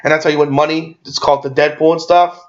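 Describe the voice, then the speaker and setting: A man's voice: fairly high pitch, level tone. Rambling man with a dull lo-fi sound. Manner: halting, full of fillers and restarts. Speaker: movie reviewer. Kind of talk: rambling casual movie recap.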